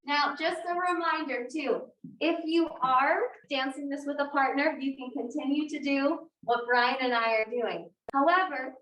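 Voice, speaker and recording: A high-voiced woman gives upbeat, clear instructions in a dance class. She is heard from a distance in an echoey room. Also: fairly bright tone. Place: dance studio. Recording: roomy, distant sound.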